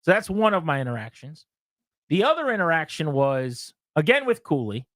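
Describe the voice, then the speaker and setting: Man, sports radio host, animated storytelling, lively pitch, dry studio sound. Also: moderate pace, no room sound. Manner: animated storyteller, acts out quotes with laughs. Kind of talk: casual sports talk storytelling.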